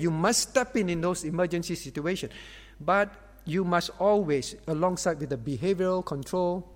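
A high-voiced male pastor gives parents a lively sermon, acting out the voices of angry parents and teens and calling on listeners by name. A long hall echo rings around his voice.

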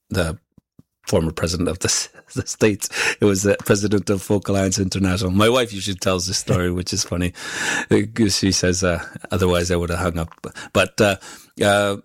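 A male musician, a guest whose first language is Inuktitut, answering interview questions haltingly with many pauses and fillers. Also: low-pitched, dry recording, clean studio sound.

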